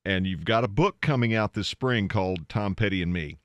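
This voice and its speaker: Laid-back radio host guy, lowish voice, dry studio sound. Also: normal speed, fairly bright tone, dry recording. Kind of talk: casual interview.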